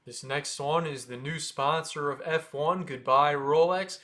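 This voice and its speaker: An American man hosting a watch channel, casually explaining how to say brand names, sounding them out slowly with offhand asides. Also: on the high side, steady tone, a bit bright. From United States. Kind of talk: casual explainer talking to camera.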